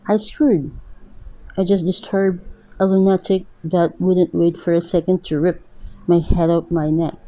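A narrator reading a first-person story aloud in an earnest, even way. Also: medium pitch, unhurried. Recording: dull lo-fi recording.

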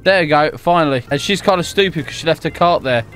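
A young man giving jokey, excitable commentary over his own gameplay, laughing often. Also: on the high side, quick pace, a little hiss or hum. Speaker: gaming YouTuber.

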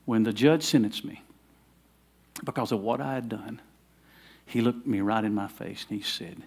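A man's voice: lowish voice, normal speed, gravelly, long pauses, husky. A middle-aged man, preaching a sermon in a conversational way that builds to fervent emphasis. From Southern United States. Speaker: pastor.

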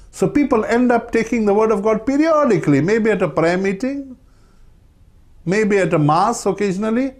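Man preaching with lively rising emphasis. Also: fairly high pitch. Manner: emphatic, rising on key words, quoting scripture. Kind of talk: sermon.

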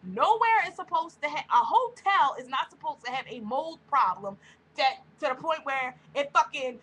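Woman ranting, high and bright. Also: animated, moderate pace, rough recording. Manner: heated, blunt, heavy cursing. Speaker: vlogger. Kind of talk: angry profane rant to camera.

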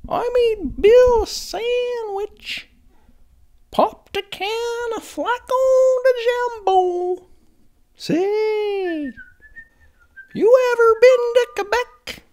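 A performer voicing Linda, a chirpy woman with a squeaky high voice who folksily mangles French phrases in a comedy sketch. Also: drawn-out words, a little mellow, exaggerated voice. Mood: chatty.

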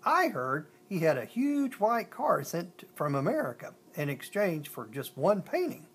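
A storyteller puts on excited young girls who gossip in a breathless rush. Their voices are pitched up high and loud, and they gush over each phrase. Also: a little slow, breathy edge, exaggerated voice.

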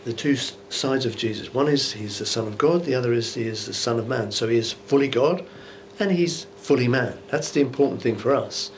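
Guy preaching in a church, mid voice, chatty bible teaching, thinks out loud, bit of hiss. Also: medium pitch, fairly quick, hardly any pauses. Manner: conversational and musing, with rhetorical asides. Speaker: bishop preaching. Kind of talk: informal Bible teaching sermon.

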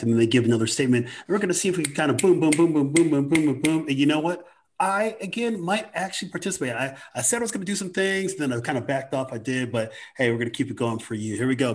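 A man hosting a health talk show, running a myth-or-fact quiz segment in an upbeat, playful way with jokey asides. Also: medium pitch.

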